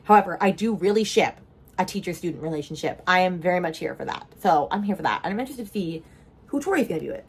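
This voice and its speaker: Chatty, animated young woman book vlogger. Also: lowish voice, fast talker, breathy edge. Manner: chatty, animated, swears freely, mock-outraged asides. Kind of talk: casual reading vlog.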